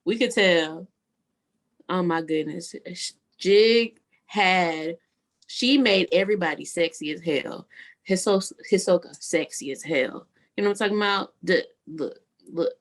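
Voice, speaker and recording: A woman's voice: fairly low pitch, unhurried. Enthusiastic woman podcast co-host. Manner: enthusiastic, hyping friends up. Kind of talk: casual chat.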